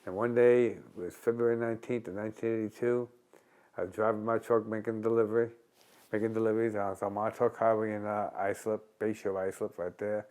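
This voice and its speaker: A man's voice: fairly low pitch, brisk. A man, a former boxer animatedly telling stories in an interview, often restarting phrases. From Long Island, New York. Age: 60s. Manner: animated, acts out quotes in a raised voice, repeats and restarts. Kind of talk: conversational storytelling.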